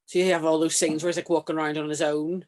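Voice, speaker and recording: Relaxed man telling a story. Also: on the high side, fast. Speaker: podcast guest. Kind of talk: casual chat.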